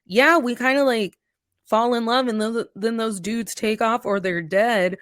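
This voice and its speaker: A woman co-hosting a podcast in casual chat, telling stories in a playful, animated way. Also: fairly high pitch, measured pace, dry recording, studio quality. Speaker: podcast co-host.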